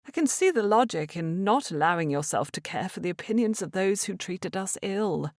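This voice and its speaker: A woman voicing a proud, stubborn middle-aged mother in a Regency audiobook, speaking in a brisk, clipped, weary way. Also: medium pitch, animated, no echo, clean studio sound, pitched above the performer's own voice, close to an everyday voice. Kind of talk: audiobook character reading.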